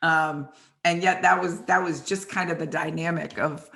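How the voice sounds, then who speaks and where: A woman hosting and telling animated stories about her football days, acting out the lines people said. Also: sits low, normal speed, gravelly. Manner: animated, acts out quotes from the story. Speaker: host and former football player. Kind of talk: storytelling chat. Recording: echoey room.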